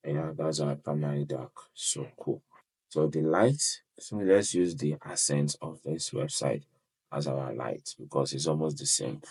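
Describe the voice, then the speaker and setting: Very deep gravelly man talking through a tutorial. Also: a little mellow. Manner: rambling, starts most phrases with "so", apologizes often while clicking. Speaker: web design tutorial host. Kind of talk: casual screen-share walkthrough.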